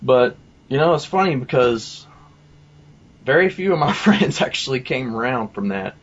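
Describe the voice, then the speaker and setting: A man's voice: medium pitch, sing-song, moderate pace, muffled recording. A man telling a personal testimony in a casual, rambling way, full of asides and fillers. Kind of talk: casual storytelling.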